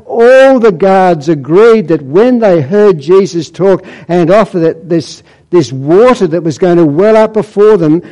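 Male preacher, slightly high, mellow voice, storytelling sermon delivery. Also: low-quality recording. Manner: storytelling, quoting scripture with dramatic emphasis.

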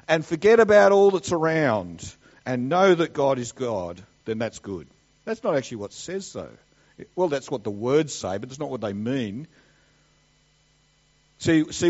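A man preaching a sermon, swinging between loud emphatic declarations and quiet asides. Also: medium pitch, lo-fi sound.

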